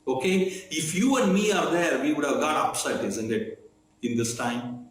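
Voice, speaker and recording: A man's voice: on the high side, big pitch swings, moderate pace. A man telling a devotional story in a conversational way, often checking in with "okay?" between his sentences. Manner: conversational, frequent "okay?" check-ins and fillers. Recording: very echoey room, faint noise.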